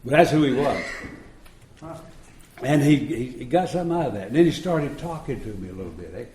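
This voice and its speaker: A man's voice: mid-range voice, lively intonation, fairly quick, mellow, slight background noise. A man in his seventies telling his recovery story to a meeting room in a folksy, chuckling way, acting out the dialogue. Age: 70s. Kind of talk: storytelling talk to an audience. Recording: roomy live talk recording.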